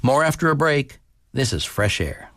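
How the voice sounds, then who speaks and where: A man reading scripted radio announcements in a measured, formal way. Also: medium pitch, very animated, heavy background noise.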